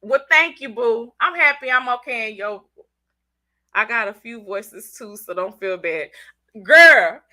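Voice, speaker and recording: Woman hosting a livestream, stuffy from a cold, bright and lively delivery. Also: on the high side, a little slow. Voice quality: country-sounding speech. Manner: chatty, animated, talks straight to viewers. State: congested from a cold. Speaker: livestream host. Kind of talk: casual livestream chat.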